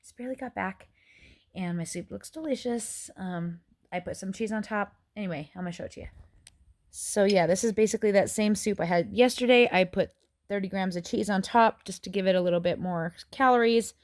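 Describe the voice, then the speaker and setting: A woman's voice: mid-range voice, a little fast, no room sound, clean studio sound. A woman in her forties chatting casually through a food diary vlog, often sounding a little out of breath. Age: 40s. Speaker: vlogger. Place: various rooms and a dance studio.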